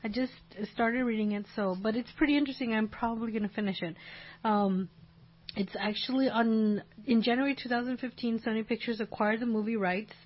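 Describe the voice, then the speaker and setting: A woman's voice: fairly high pitch, fairly even intonation, a little fast. A woman co-hosting a podcast in casual chat, chatty, laughing often, with many ums. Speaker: podcast co-host. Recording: dull lo-fi sound.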